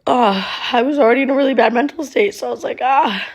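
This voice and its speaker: A young woman recounts a hard memory in a casual, halting way, stopping often to restart her thoughts. Her voice is husky and breathy, with a gravelly fry at the ends of phrases. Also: on the high side. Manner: halting, many ums and restarts. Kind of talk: casual storytelling to camera.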